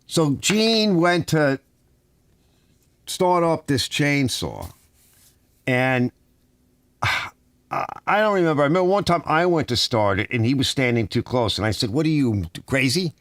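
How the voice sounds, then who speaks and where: A man's voice: mid-range voice, very animated, unhurried, long pauses, fairly bright tone, dry recording. Middle-aged guy rambling on a chill live stream, voice bouncing all over, dry close sound. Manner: rambling storyteller, reads chat aloud, lots of "right?" and "you know". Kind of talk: casual live-stream chat.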